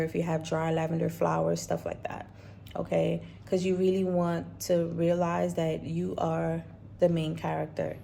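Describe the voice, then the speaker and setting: A woman's voice: fairly low pitch, gravelly, dark tone, a little hiss or hum. A woman talking as a spiritual vlogger, earnest and repetitive in a coaching tone. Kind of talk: reflective spiritual talk.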